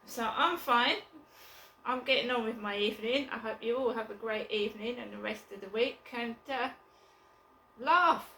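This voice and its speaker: A woman vlogging from her flat, chatting casually and bluntly in a rambling way, with occasional swearing. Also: on the high side, normal speed, gravelly, echoey room, a little hiss or hum, poor audio. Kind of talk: casual chat to camera.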